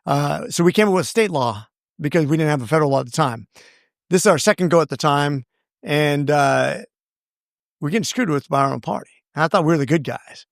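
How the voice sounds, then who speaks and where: An earnest man talking at length as a guest on an interview show, circling back and restarting his sentences as he goes. His voice sits fairly high for a man. The sound is dry and close, with no room echo. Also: animated, a little fast, vocal fry. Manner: earnest, rambling, with many restarts. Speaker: congressman guest. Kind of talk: casual interview storytelling.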